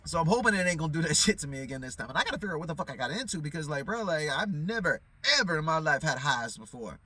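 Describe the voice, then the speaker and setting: High bright-voiced man rambling casually. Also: animated, racing, husky. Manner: profane, loose, repeats "you know what I'm saying"; loses his train of thought, stammers restarts. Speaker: vlogger.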